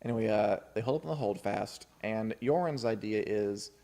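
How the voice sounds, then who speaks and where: Gravelly-voiced man chatting about a book. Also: lowish voice, moderate pace, few pauses, dark tone. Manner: chatty, laughs often, reads passages aloud. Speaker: podcast co-host. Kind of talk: casual book discussion.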